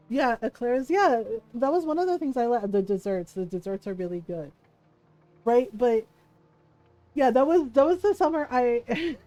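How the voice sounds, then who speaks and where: A woman's voice: a little high, warm tone, poor audio. A woman livestreamer chatting casually as she tells a story during a game, laughing often and acting out the dialogue. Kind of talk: casual storytelling while gaming.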